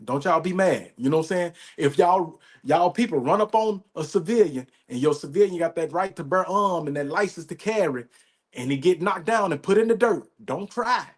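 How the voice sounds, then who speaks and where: A man with a slightly higher-pitched voice hosts a podcast. He rants, swears freely and hammers his points with repetition. He keeps checking in with his listeners as he talks. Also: expressive, normal speed. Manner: emphatic, profane, repetitive, says "you know what I'm saying". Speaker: podcast host. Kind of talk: profane commentary rant.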